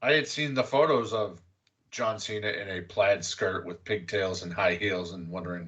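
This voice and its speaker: A man's voice: low-pitched, moderate pace, fairly bright tone. A man hosting a podcast, casually recapping a film with loose, rambling talk and the odd curse. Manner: rambling recap with fillers and profanity. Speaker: podcast host. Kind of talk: casual movie recap chat.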